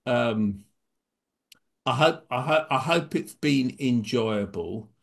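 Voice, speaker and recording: An English poet with a wry, dry humor reads a comic verse in a middle-pitched voice. Between poems he turns halting and chatty, full of pauses and restarts. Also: gravelly. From England. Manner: wry, hesitant between poems, animated when reciting. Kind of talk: poetry reading and chat.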